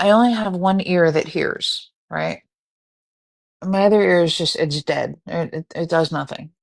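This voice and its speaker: A woman telling a story casually on a live stream, animated and profane. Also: lowish voice, creaky. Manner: animated, profane, breaks into screaming reenactments.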